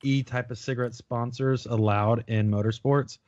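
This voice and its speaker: A man's voice: medium pitch, steady tone, moderate pace, a little mellow, no room sound, muffled recording. A man co-hosting a podcast, joking and teasing in crude casual banter. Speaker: podcast co-host. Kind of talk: casual chat.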